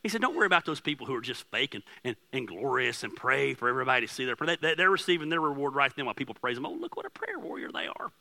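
A man's voice: mid-range voice, lively intonation, very fast, creaky, hardly any pauses. A man in his forties preaching a sermon as pastor, impassioned and conversational, telling stories about his family with a self-deprecating touch. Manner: impassioned, rising to near-shouting.

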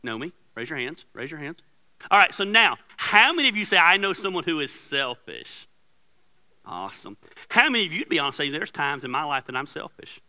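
Lively, bright-voiced pastor telling a story. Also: male voice, a little high, a little fast, low-quality recording. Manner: animated storytelling, acts out his wife's yelling. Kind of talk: sermon. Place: church sanctuary. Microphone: handheld or headset microphone.

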